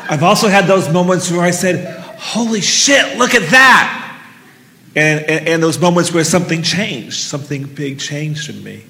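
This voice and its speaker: A man's voice: fairly high pitch, moderate pace, fairly bright tone, slight background noise. A middle-aged man telling a personal story live on stage into a handheld mic, earnest and vivid, with casual swearing. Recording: long reverb of a hall.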